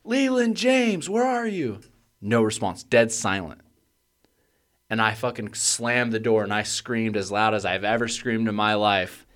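Podcast co-host, young adult man, lowish voice, profane and animated storyteller. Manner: swears freely, gets loud and worked up when retelling panic. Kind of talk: casual storytelling chat.

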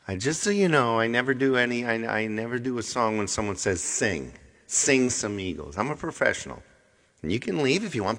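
A man's voice: on the low side, fairly bright tone. A middle-aged man hosting a casual livestream, chatting to viewers and scolding them in mock sternness, with many restarts. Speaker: livestream host and singer.

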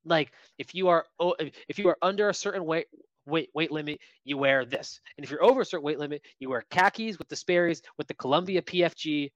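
A man co-hosting a casual sports podcast, telling lively stories about what he saw at a game. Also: on the high side, fast talker, no room sound, highs cut off. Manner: lively anecdotal storyteller. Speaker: podcast co-host.

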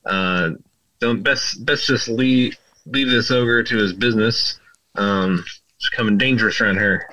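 A man narrating a tabletop game as dungeon master in a relaxed, rambling way. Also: lowish voice, a little slow, no room sound. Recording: dull, lo-fi audio.

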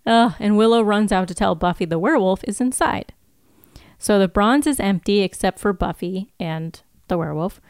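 A woman's voice: mid-range voice, normal speed, clean tone, no room sound, studio quality. A woman co-hosting a podcast, reading a scene recap in casual chat and laughing often. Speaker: podcast co-host recapping episodes.

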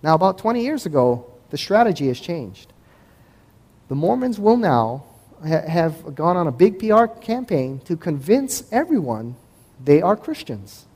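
A man giving a conversational talk to an audience as a host and Christian apologetics speaker, acting out past dialogues in quick voices. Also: a little high, big pitch swings, a little mellow. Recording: echoey hall with long reverb.

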